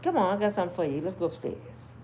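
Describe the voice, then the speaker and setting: A woman's voice: lowish voice, sing-song, fast, warm tone, a little hiss or hum. Woman playing a stern old-school mama. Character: strict old-school mother, stern and threatening.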